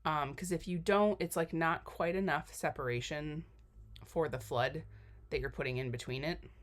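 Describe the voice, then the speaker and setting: Low-voiced chatty woman with a lilt. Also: moderate pace. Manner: chatty, rambling, self-deprecating, many fillers. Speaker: cookie decorating instructor. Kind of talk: casual voiceover tutorial. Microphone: voiceover mic.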